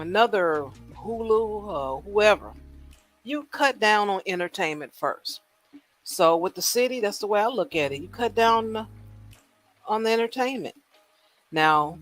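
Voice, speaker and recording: A woman hosting a casual livestream, rambling and animated, firing off rhetorical questions and laughing at her own jokes. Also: fairly low pitch. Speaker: livestream host. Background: faint music.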